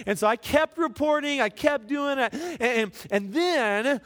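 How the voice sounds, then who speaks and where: A man's voice: extremely high pitch, a little slow, few pauses. A middle-aged man preaching to a live audience, telling a self-mocking story with lots of restarts and repeated words. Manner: animated, self-mocking, repeats words when starting a thought.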